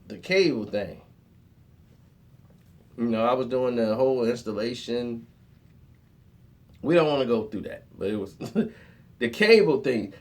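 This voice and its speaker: A man telling a funny personal story in a casual, animated way, laughing often. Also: mid-range voice. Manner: animated, laughs often, acts out others' lines.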